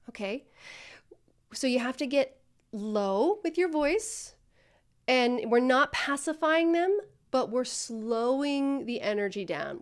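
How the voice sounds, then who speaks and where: A woman's voice: fairly high pitch, clear, resonant tone. Direct, encouraging woman coach. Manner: direct, encouraging, calls student baby. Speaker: customer service coach. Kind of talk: role-play coaching session.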